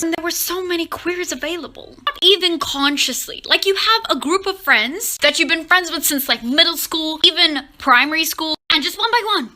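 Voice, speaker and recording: A woman's voice: high voice, normal speed, bright, forceful tone. A woman giving a casual, sassy comedic rant to the camera as a short-video creator. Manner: sassy, emphatic. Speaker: TikTok creator.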